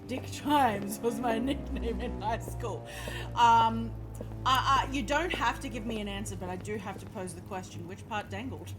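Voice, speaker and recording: A woman with a fairly high voice talks at normal speed while live-streaming a video game over a webcam setup, game music behind her. She chats and jokes with her viewers, swearing freely as she plays and comments.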